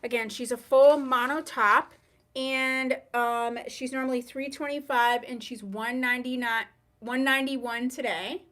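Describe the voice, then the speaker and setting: A woman hosting a live online wig sale, describing products in a chatty, unhurried way. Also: high-pitched, fairly even intonation, fairly bright tone. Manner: chatty, unhurried, drawn-out pauses. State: hiccuping. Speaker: online wig shop host.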